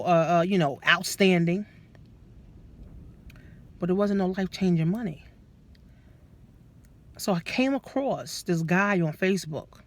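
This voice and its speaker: A woman business coach, giving an animated, profane motivational talk straight to her listeners. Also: medium pitch.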